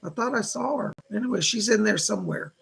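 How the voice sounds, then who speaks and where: A man's voice: high-pitched, fast, creaky, fairly bright tone, husky. A man hosting a casual livestream as a psychic, chatting to viewers and greeting names from the chat.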